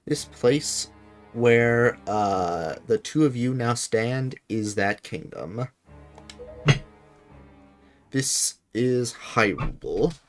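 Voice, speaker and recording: A man reading game dialogue as a solemn ancient king who speaks through a talking boat, in a grave, measured way. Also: mid-range voice, lively intonation, faint music behind, voice pushed up.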